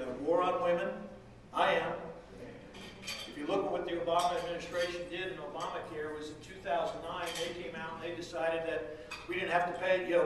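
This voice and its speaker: A middle-aged man giving a folksy, rousing political rally speech as a state legislative leader, heard from some distance in a large room. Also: a little high. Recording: echoey hall, far from the mic.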